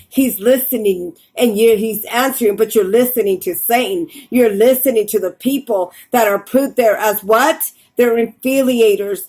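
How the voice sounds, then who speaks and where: A woman's voice: mid-range voice, darkish tone, poor audio. A woman preaching fervently from a Bible reading, urging her listeners with repeated warnings. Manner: fervent, urgent, repetitive warnings.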